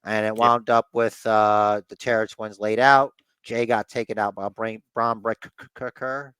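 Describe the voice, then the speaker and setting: A man's voice: fairly low pitch, smooth, no room sound. A man co-hosting a casual wrestling recap podcast, rambling with fillers and acting out bits. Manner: acts out wrestlers' lines in quick, animated put-on voices. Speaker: podcast co-host.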